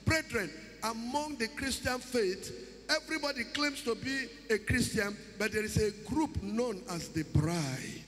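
A man's voice: very high voice, animated, a little slow, a bit bright. A man preaching a sermon with emphatic delivery, now and then breaking into song. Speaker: pastor. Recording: music behind, long reverb.

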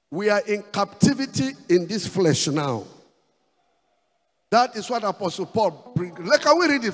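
A Nigerian-accented man preaches with a strikingly high voice at an unhurried, deliberate pace. He circles back over words and throws in quick praise asides. His voice rings through a reverberant church hall with faint music underneath. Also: a bit bright. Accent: Nigerian English. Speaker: pastor. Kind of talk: sermon.

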